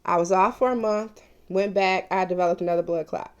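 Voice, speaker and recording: A woman's voice: on the low side, fairly even intonation, fairly quick, clean tone, lo-fi sound. A woman in her forties talking candidly to her viewers in a casual personal vlog, confiding and open. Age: 40s. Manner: candid and confiding, addressing viewers as "you guys". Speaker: mukbang vlogger.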